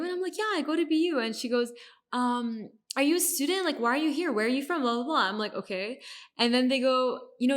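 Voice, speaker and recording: A woman from Lebanon tells a story in casual chat, her voice sitting fairly high. She is animated and acts out the voices of the people she quotes. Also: fast talker. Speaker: guest.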